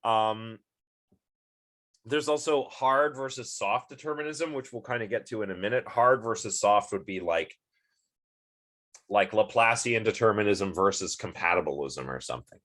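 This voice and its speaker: A man with a somewhat low voice talks through a philosophy lecture. His delivery is loose and conversational, full of ums, uhs and false starts as he thinks aloud. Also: moderate pace, fairly bright tone. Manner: casual, rambling, many fillers and restarts. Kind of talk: recorded online lecture.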